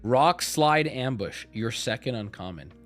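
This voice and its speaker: Man, streamer, casual live-stream chat, joking, lively pitch, shouts at rares, faint background music. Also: unhurried. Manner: joking, shouts at rare cards. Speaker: streamer opening card packs.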